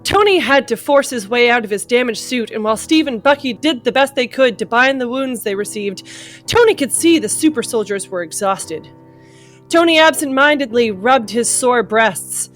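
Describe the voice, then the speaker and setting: A woman's voice: on the high side, lively intonation, normal speed, a bit bright, faint music behind. A woman on a comedy podcast panel, reading fan fiction aloud in a giggly, mock-dramatic way.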